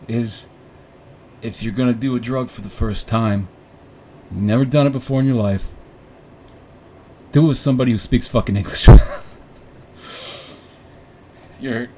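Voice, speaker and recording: A man's voice: mid-range voice, dark tone, slight background noise. Rambling, profane young man telling a story. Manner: rambling, profane, self-mocking, with frequent restarts and fillers. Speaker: podcast host. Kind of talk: casual storytelling monologue. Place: room with warm orange lighting.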